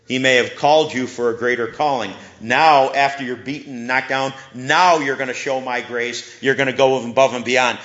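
A man's voice: medium pitch, fairly bright tone. A man preaching a sermon and leading prayer, earnest, with rising bursts of fervent emphasis. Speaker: pastor. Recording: roomy, slightly dull sound.

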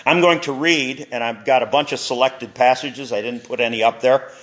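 A man's voice: medium pitch, steady tone, normal speed. Preaching middle-aged man, lo-fi recording. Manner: conversational preaching with chuckles and asides. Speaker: pastor. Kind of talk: sermon.

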